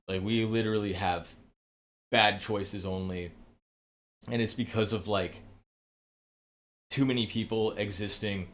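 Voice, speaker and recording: Streamer, male, lowish voice, loose rambling delivery peppered with swearing. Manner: rambling, profane, lots of fillers. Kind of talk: casual livestream monologue.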